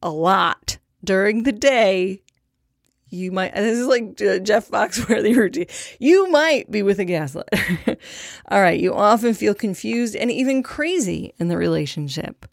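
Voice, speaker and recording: A woman's voice: medium pitch, expressive, a little slow, vocal fry, dry recording, clean studio sound. A young woman hosting a podcast in a casual monologue, candid and profane, with a self-deprecating streak. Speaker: podcast host.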